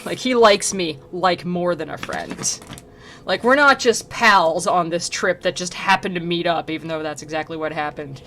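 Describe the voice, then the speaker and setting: With a fairly low yet bright voice at normal speed, a young woman casually riffs on an old poem while streaming from home, bubbly and giggly, peppering in "like" and doing silly character voices. A faint hiss or hum runs through it.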